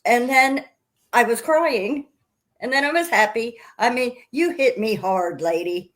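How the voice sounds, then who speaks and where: A woman hosting a book interview, effusive and animated as she tells how a book affected her. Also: on the high side, unhurried. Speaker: podcast host. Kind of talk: casual interview chat.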